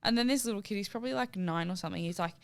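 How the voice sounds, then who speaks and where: A woman's voice: medium pitch, very fast, gravelly, clear, resonant tone. A young woman, co-hosting a podcast and chatting casually, laughing often and saying "like" a lot. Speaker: podcast co-host. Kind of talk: casual chat. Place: podcast studio.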